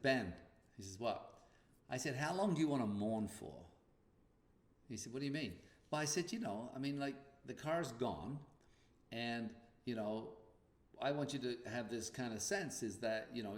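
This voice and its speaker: A podcast host casually tells a personal story, animatedly acting out the dialogue. His voice is medium-pitched and the recording is reverberant.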